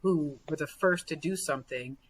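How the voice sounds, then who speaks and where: A young adult woman, a basketball coach, chatting as a podcast guest in animated storytelling with lots of "like" fillers. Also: low-pitched, moderate pace, slight background noise, low-quality recording. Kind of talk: casual podcast conversation.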